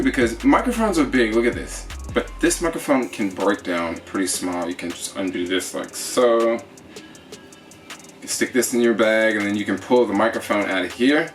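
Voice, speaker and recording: Demonstrating his setup in a casual gear demo, this male travel vlogger speaks in a fairly low, slightly bright voice, chatty and full of fillers. His GoPro's attached shotgun mic picks him up from a distance.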